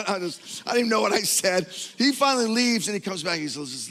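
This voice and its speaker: Bright-voiced male pastor in a reverberant hall. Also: high-pitched, lively intonation, fast talker, hardly any pauses. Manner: storytelling, self-mocking humor, swells to loud emphatic peaks. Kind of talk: sermon. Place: church auditorium.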